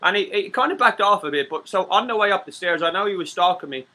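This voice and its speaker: A man's voice: high voice, expressive, fast, pushed and bright. An Irish man from Ireland chatting on a live-stream talk show, rambling and swearing, with many stammered restarts. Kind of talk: casual live-stream chat.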